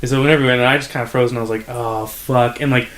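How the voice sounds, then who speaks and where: A young man tells a story at a fast clip, packing every sentence with "like" and filler. He jumps into a higher voice whenever he acts out a customer or a coworker. His everyday pitch sits in the middle, and the chat stays casual and unscripted. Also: steady tone, a bit bright. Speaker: podcast co-host.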